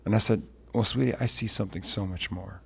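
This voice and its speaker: A middle-aged evangelist man tells stories in a lowish voice on a faith talk show. He is animated and brings the people in his stories to life, switching between them as he goes. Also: fairly quick, vocal fry, breathy edge. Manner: animated storyteller, acts out quotes. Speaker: traveling worship leader and evangelist.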